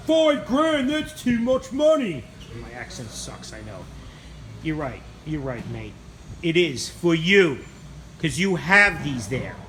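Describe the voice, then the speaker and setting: A man's voice: fairly high pitch, pushed and bright, slight background noise. Rambling man in an echoey shop. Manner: rambling, self-mocking, swears casually. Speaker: channel host showing his machine shop. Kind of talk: casual rambling walk-through vlog. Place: indoor machine shop.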